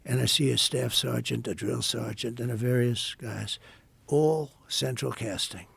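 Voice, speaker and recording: Gravelly older man, rambling storyteller. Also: mid-range voice, steady tone, unhurried, a bit bright, no room sound. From United States. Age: 70s. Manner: rambling, repetitive, heavy on superlatives. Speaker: podcast guest. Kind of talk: casual storytelling in a podcast interview.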